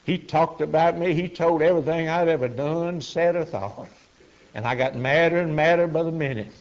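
A gruff older country man tells of his stubborn past in plain, folksy words, as a preacher puts him on. The voice sits a little higher than the preacher's own, and the lo-fi recording dulls it. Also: normal speed, lightly acted. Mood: indignant. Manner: plain-spoken, folksy storytelling. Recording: dull lo-fi sermon recording.

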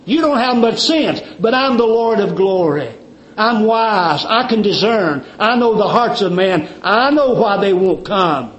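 A preacher voicing a stern, angry lord. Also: male voice, high voice, animated, a little slow, fairly bright tone. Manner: authoritative, stern. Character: stern wise male lord, angry host. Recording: dull lo-fi recording.

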